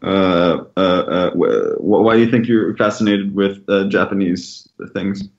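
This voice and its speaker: A man with a low voice, stumbling and stammering through his questions with constant "uh"s. He co-hosts a podcast in casual chat. The recording sounds dull and lo-fi. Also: unhurried, gravelly. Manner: hesitant, stammering, many "uh"s. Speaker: podcast co-host. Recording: dull lo-fi mic.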